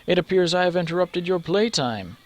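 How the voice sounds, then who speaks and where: A man voicing a massive armored brute warrior, taunting and menacing in a slow, raised voice. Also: sits high, expressive, voice pushed up.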